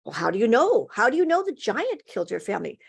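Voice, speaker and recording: A woman voicing a small, kindly old man in a told folktale, asking gentle questions and giving calm, knowing advice over a video call. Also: fairly high pitch, quick pace, gravelly, breathy edge, heavily acted.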